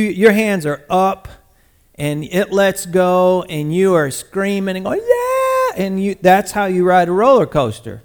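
A man preaching a sermon in a conversational, animated way, speaking directly to his congregation and swinging from loud bursts to quiet asides. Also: high voice. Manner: talks to the congregation directly, calling on people by name.

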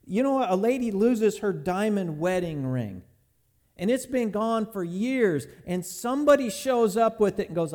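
A middle-aged man preaching a sermon, telling folksy stories and slowing down hard to stress his points. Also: high-pitched, animated, a little mellow. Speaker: pastor.

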